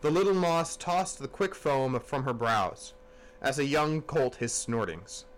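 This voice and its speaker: A man's voice: medium pitch, lively intonation, unhurried, rough recording. A man reading an old sea novel aloud as narrator, in a dramatic style, with occasional stumbles and restarts. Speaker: audiobook narrator.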